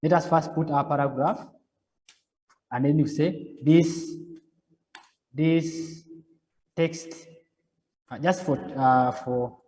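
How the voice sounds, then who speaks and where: A man's voice: fairly high pitch, fairly even intonation, slow pace, pauses often, a little mellow. Repetitive man lecturing in a hall. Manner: repetitive, step-by-step, frequent "okay?" checks. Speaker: web design lecturer. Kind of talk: live coding lecture.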